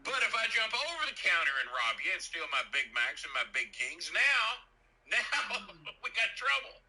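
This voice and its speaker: A man's voice: high voice, very animated, moderate pace, sharp tone, husky, rough recording. A man telling a story as an indignant, profane comic rant, cursing and repeating himself.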